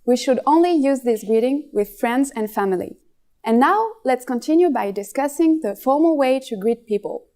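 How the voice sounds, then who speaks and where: A woman narrating a scripted language lesson in a clear, measured, instructional way. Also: high-pitched, lively intonation, warm tone.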